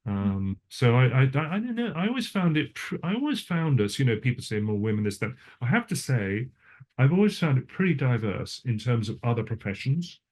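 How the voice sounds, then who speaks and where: A man's voice: medium pitch, very animated, fairly quick, darkish tone. An older man, a cinematographer, telling stories in a casual interview, rambling and restarting himself often. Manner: rambling, self-interrupting storyteller; frequent restarts and asides.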